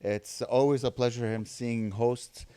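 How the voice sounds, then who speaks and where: A man's voice: medium pitch, steady tone, dark tone, clear, resonant tone, dry recording. Eager, laughing podcast host man. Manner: eager, quick to laugh, agreeable. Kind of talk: casual podcast chat.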